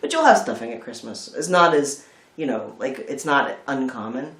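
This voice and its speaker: A man chats casually about a film, wandering off on tangents and swearing as he goes. His voice sits at an ordinary pitch. The room gives it a noticeable echo. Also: expressive, normal speed, fairly bright tone. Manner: rambling, swears freely, tangents. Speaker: film review host. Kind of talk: casual chat.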